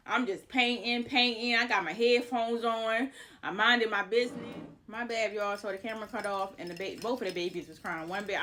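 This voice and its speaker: A woman's voice: mid-range voice, background noise. A young woman vlogger telling a personal story in a candid, profane, repetitive way. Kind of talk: casual storytime vlog.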